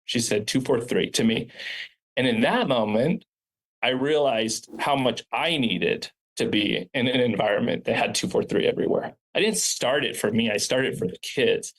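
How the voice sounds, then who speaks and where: A man's voice: medium pitch, moderate pace, fairly bright tone. A man, a charter school founder and principal, telling stories from his school in an earnest, reflective way with frequent restarts. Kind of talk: podcast interview storytelling.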